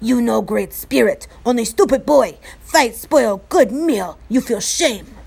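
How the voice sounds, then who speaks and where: A woman reading aloud and voicing a tiny, fierce warrior man who speaks in clipped, broken phrases, loud and forceful. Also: fairly high pitch, expressive, unhurried, vocal fry, slightly rough, exaggerated voice. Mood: angry.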